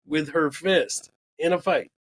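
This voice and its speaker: Animated, swearing man on a podcast. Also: on the high side, takes it slowly. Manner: animated, swears, acts out quotes. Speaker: podcast co-host. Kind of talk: casual chat.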